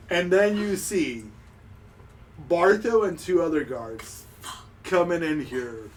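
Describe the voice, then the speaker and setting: A man's voice: on the high side, expressive, slow, pauses often, shouting. A man narrating as game master in a tabletop game, laughing often and loose with fillers. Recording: distant mic, faint noise.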